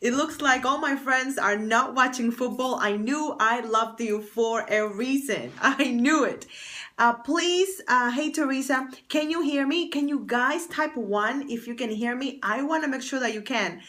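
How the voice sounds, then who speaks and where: A woman's voice: high-pitched, unhurried, fairly bright tone. A woman hosting a casual livestream as a fashion stylist and confidence coach, chatty and bubbly, thanking viewers by name. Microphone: external mic on phone stream.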